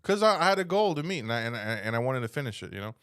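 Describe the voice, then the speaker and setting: A young man hosting a comedy podcast, telling a rambling, profane story in casual chat and breaking into loud shouted impressions. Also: medium pitch, very animated, very fast, a little hiss or hum.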